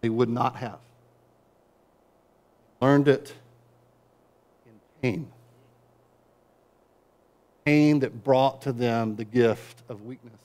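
A middle-aged man preaching a sermon as pastor, with wry conversational asides, dropping to quiet low passages and building to loud, driving peaks. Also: steady tone, extremely slow, pauses often.

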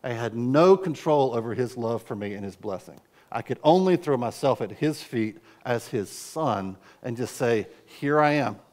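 Man, pastor, sermon, earnest storytelling, middle-aged, mid-pitched voice, bursts of raised volume. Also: animated, normal speed. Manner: earnest, storytelling with sudden loud outbursts.

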